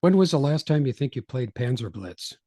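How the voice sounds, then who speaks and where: Man, mid-pitched voice, joking podcast host, dry close sound. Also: very animated, a little fast, warm tone, no room sound. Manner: wry, joking. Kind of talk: casual podcast hosting.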